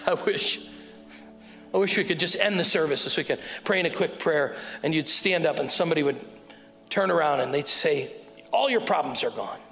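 A middle-aged man preaching a sermon on a mic, calling out to the congregation and swinging from loud to hushed. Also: on the high side, expressive, moderate pace. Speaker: pastor. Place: church hall. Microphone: wearing a mic. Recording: sermon in a hall with music.

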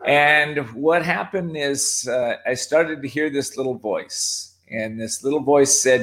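A man's voice: mid-range voice, slow, few pauses, fairly bright tone. A man as a podcast guest, telling his life story in a reflective way, with fillers and restarts. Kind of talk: personal storytelling.

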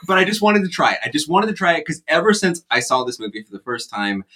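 A young man hosting a casual movie chat, playful and quick to laugh. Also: a little high, sing-song, pushed and bright. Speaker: podcast host.

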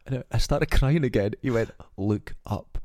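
A man's voice: mid-range voice, a little fast, no room sound, clean studio sound. A Scottish man, a podcast co-host, telling a long anecdote in casual chat and acting out the voices of the people in it. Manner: animated anecdote teller who acts out quoted voices.

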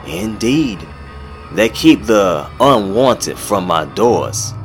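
A man's voice: lowish voice, very animated, drawn-out words, heavily acted. A man voicing a sly, menacing male monster caretaker with a mock-genteel manner, over background music. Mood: sly menace. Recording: music playing underneath.

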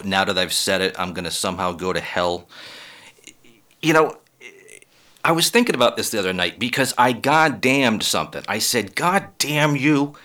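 A man's voice: low voice, bright, forceful tone. A man comedian delivering a rambling, profane comedic monologue and laughing at his own jokes.

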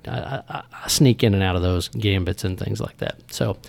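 A man's voice: deep voice, normal speed, vocal fry, a little mellow. A man hosting an interview show, talking in a folksy way and often stammering and repeating words. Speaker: host. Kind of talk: casual interview chat.

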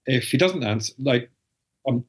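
A man's voice: mid-range voice, lively intonation, normal speed. A middle-aged man, a podcast guest chatting casually and acting out family conversations as he tells stories. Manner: chatty storyteller, acts out family dialogue. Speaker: podcast guest, spouse of a host. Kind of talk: casual chat.

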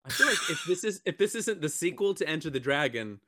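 A man's voice: a little high, sing-song, quick pace, pushed and bright, dry recording, studio quality. A man co-hosting a casual podcast, joking and rambling, often stumbling over his words. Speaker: podcast co-host.

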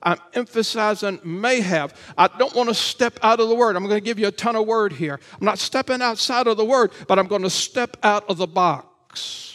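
A man, a pastor, preaching a Sunday morning sermon in church, emphatic and repetitive, rising to shouts and then dropping low. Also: fairly quick, hardly any pauses. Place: church service.

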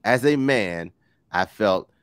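Animated joking man in his forties. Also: lowish voice, slow pace, smooth, dry recording, studio quality. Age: 40s. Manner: animated, joking, swearing, laughs often. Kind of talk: casual chat.

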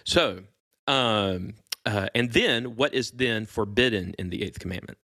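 A man's voice: fairly low pitch, expressive, unhurried, bright, forceful tone, no echo. A man hosting a casual faith podcast, laughing easily between thoughts and reading scripture aloud. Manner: laughs easily, filler-heavy delivery. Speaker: podcast host.

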